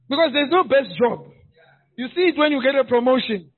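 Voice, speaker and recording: A man preaches a lively, humorous sermon, raising his voice into shouts to drive points home. His voice sits very high for a man. The sound is thin and tinny, like it came through a phone line. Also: brisk. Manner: animated and humorous, shouting for emphasis. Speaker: pastor.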